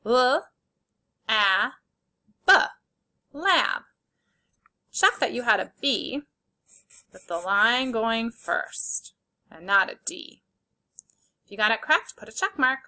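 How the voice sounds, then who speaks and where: Teaching young children spelling, a woman patiently sounds out letters and encourages them with praise. Her slightly high voice is pushed and bright, with lively intonation, a slow pace, and long pauses.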